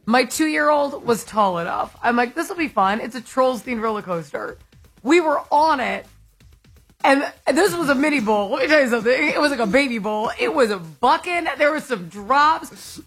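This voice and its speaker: A woman co-hosting a casual radio chat, telling stories in an animated way and often laughing. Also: high-pitched, moderate pace, soft background music. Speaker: co-host.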